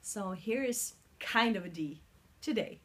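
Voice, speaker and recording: A woman's voice: mid-range voice, expressive, measured pace, fairly bright tone. A woman in her forties from Sweden speaks in a Swedish accent, recorded on a mobile phone. She explains things earnestly in a casual vlog and now and then hunts for the right word. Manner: earnest and explanatory, searching for words at times. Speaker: singer vlogging her vocal training.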